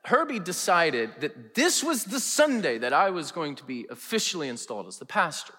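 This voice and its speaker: A male pastor preaching a sermon in a chapel, telling funny stories with lively, animated delivery. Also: a little high, moderate pace, in a large hall. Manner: animated, humorous storytelling. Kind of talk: sermon with storytelling. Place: large chapel.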